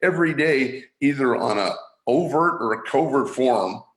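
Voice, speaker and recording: A man mentoring listeners on energy awareness, speaking in a teaching manner and acting out anxious inner thoughts in a higher voice. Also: lively intonation, moderate pace, a bit bright. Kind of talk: motivational teaching talk. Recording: roomy echo.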